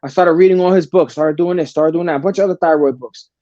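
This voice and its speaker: Blunt, profane male guest, swears freely, mellow tone, dry close sound. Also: on the high side, quick pace, dry recording, muffled recording. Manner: blunt and profane, calls the host brother. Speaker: podcast guest. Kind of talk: casual storytelling.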